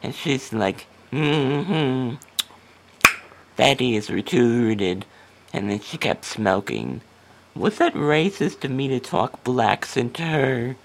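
A man telling a story in a comedy sketch, in a deadpan, unhurried way. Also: mid-range voice, gravelly, slight background noise.

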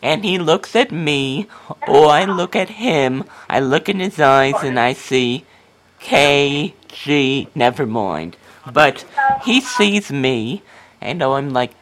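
A man telling a story in a comedy sketch, in a deadpan, unhurried way. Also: mid-range voice.

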